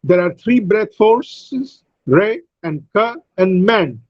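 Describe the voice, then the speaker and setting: A man teaching pronunciation in an online class. He explains slowly, repeats key words and uses frequent fillers. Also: high voice, animated, dry recording, muffled recording. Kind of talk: online English phonetics lecture. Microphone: video call.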